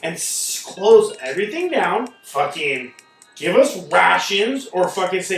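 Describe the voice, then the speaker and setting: A man talking in a casual chat, animated and swearing often, acting out quoted people as he rants. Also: high voice, a little slow, creaky, heavy reverb, recorded from a distance, faint music behind, low-quality recording. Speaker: podcast host.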